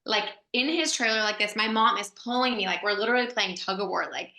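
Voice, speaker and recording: A woman's voice: mid-range voice, quick pace, bright, forceful tone, roomy sound. A woman actress telling a story as a guest, chatty and full of "like" fillers, laughing as she goes. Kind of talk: animated anecdote storytelling.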